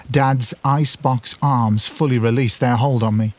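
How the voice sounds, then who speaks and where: A British man narrating a first-person horror story, his voice set at a middle pitch. He reads tensely and dramatically. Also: fairly even intonation, measured pace, hardly any pauses, a little mellow.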